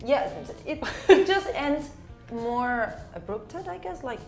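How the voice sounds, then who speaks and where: A woman's voice: sits high, expressive, slow pace, a little mellow. A woman chatting casually, hesitant and searching for her words. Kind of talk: casual chat. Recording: roomy clip with faint music.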